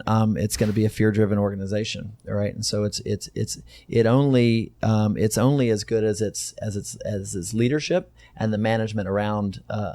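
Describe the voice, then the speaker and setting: Rambling interview guest, low mellow voice. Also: male voice, no room sound. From Texas. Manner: rambling, many fillers and restarts. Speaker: guest, company co-founder. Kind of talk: casual interview storytelling.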